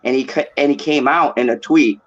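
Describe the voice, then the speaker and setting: A male stream host rambles through his opinions in loose casual chat at a middle pitch. The sound is dull and lo-fi. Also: brisk, fairly bright tone. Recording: dull lo-fi mic.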